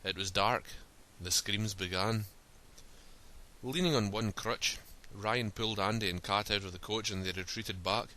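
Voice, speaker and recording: A man narrating a story in a steady, plain reading style. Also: on the low side, a little slow.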